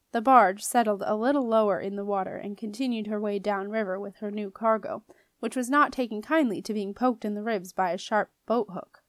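A woman narrating a children's fantasy novel as an audiobook reader, in clear, steady storytelling. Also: mid-range voice, no room sound, studio quality.

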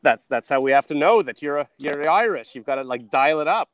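A man's voice: on the high side, lively intonation, a little fast, a little hiss or hum. A man riffing as a guest comedian on a video call, rambling and self-deprecating, calling in by phone from outdoors in a park. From Canada.

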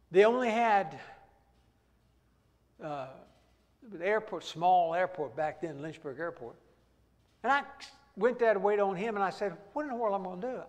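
A middle-aged man, teaching a church Bible study in folksy storytelling style that breaks into sudden shouts. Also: high-pitched, big-room sound. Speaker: pastor. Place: church auditorium.

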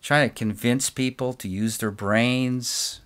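A middle-aged guitar maker who sells stands talks unscripted to the camera, ranting passionately and repeating words for emphasis. His voice is medium in pitch and a little bright, with fairly even intonation and a slow pace.

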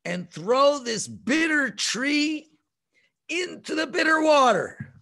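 A man's voice: very high voice, sing-song, takes it slowly, creaky, sharp tone, pitched above the performer's own voice, exaggerated voice. A man voicing a divine figure giving emphatic instructions. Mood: commanding.

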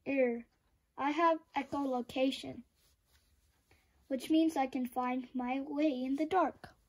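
High, slow little bat boy, shy and modest, read by a woman. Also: steady tone. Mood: nervous. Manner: modest, nervous. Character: small timid young male bat hero.

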